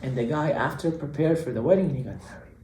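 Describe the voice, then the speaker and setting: A male rabbi giving a sermon, telling a story and swinging between hushed lines and emphatic ones. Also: medium pitch, quick pace, slight background noise. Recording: echoey room.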